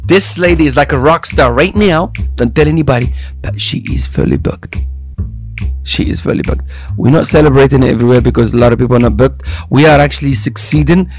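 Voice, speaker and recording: A man hosting a daily podcast from a studio, talking in an energetic, playful, hype-style way. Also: mid-range voice, a little fast, few pauses, faint music behind. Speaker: podcast host. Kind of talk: casual podcast chat. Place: studio with cameras.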